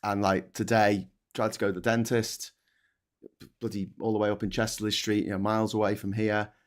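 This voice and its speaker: Brief: blunt, swearing British co-host, low-ish voice, rambling live chat. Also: male voice, flat delivery, brisk. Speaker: co-host reading viewer comments. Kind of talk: casual live-stream chat.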